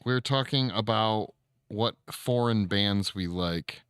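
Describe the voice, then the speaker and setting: A man hosts a relaxed livestream, talking straight into a close microphone with a low, smooth voice. He reads chat aloud and chats back loosely, swearing now and then. The sound is dry and close. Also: slow pace, no room sound. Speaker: streamer.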